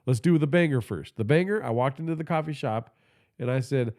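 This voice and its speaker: On his podcast livestream, the host speaks into a handheld phone with a brisk, medium-pitched, darkish voice and a stuffy nose. He rambles through stories in a casual, foul-mouthed manner.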